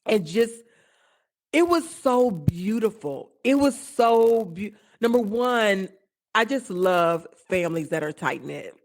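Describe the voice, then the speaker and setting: A woman's voice: medium pitch, animated, takes it slowly. A woman hosting a podcast interview in casual chat, effusive and emotional, rambling as she talks. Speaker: podcast host.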